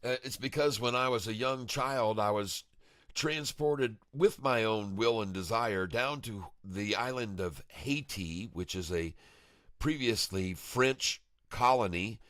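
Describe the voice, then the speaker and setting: Bright, chatty male livestream host. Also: lowish voice, takes it slowly, no room sound, studio quality. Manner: chatty and showy, chuckles often, hypes viewers as "ladies and gentlemen". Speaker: livestream day-trading host. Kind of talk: rambling live-stream chat.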